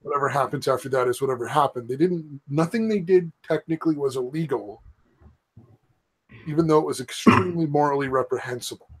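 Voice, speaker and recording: A man's voice: medium pitch, fairly quick, husky, poor audio. Rambling man on a casual podcast. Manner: rambling, hedges with "I mean" and "like". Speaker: podcast host. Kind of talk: casual profane chat.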